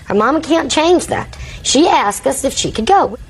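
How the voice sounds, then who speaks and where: A woman's voice: sits high, very animated, normal speed, a little hiss or hum, low-quality recording. An older woman, a grandmother, giving long courtroom testimony as a litigant and rambling through her account while acting out what others said.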